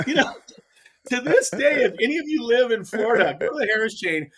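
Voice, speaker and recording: Animated middle-aged storyteller man. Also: very high voice, fairly quick, breathy edge. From US West Coast. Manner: lively, laughing, repeats words when excited. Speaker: podcast guest, pro angler. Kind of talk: animated storytelling in casual chat.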